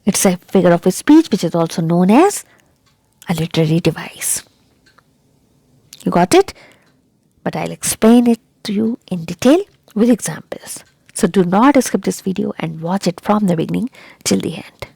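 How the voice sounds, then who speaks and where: A woman's voice: medium pitch, animated, a little slow, creaky, pauses often, mellow, breathy edge, no echo. A woman teaching a lesson, repeating key points and often asking whether the listener understood. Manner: repetitive, checks understanding with rhetorical questions. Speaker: English teacher. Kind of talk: explaining a lesson on a video channel.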